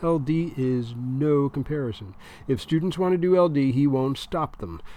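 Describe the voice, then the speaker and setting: A man narrating a comic serialized story in a wry, deadpan way. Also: medium pitch, normal speed.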